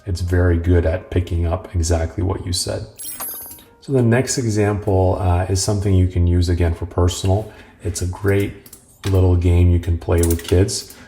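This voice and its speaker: A man with a very low, gravelly voice walks through a tech tutorial in a relaxed, rambling way. His delivery is flat and his tone mellow. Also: moderate pace. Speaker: host.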